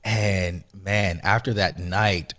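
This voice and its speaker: A man being interviewed as an author and speaker, telling a personal story earnestly and with emotion, often soft and then rising with conviction. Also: sits low, steady tone, slow pace. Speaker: podcast guest, author and motivational speaker.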